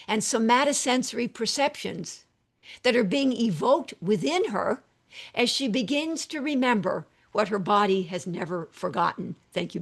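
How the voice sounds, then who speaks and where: A woman's voice: mid-range voice, creaky, breathy edge. A middle-aged woman psychiatrist giving a lecture, earnest, reading example statements aloud and adding asides with fillers.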